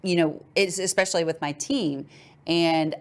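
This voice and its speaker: Brief: woman podcast host, quick chatty delivery, low-ish voice. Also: fairly even intonation. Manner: quick, chatty, many fillers. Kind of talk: casual chat.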